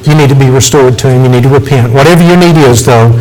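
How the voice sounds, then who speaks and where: A man's voice: medium pitch, quick pace, darkish tone, low-quality recording. A man preaching a sermon, earnest and pleading, voice climbing for emphasis.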